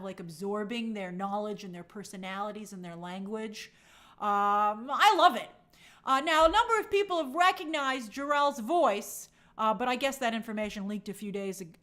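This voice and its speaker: Middle-aged woman, trailer-review host, high lively voice, chatty and opinionated. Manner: chatty and opinionated, with lots of fillers and mock quotes. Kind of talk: casual trailer breakdown commentary.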